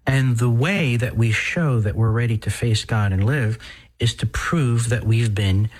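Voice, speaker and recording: A man preaching with deliberate, unhurried delivery and a husky, slightly breathy voice. He speaks earnestly and with emphasis, at times sinking into a whisper to drive a point home. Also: mid-range voice, low-quality recording. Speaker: priest. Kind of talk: podcast sermon.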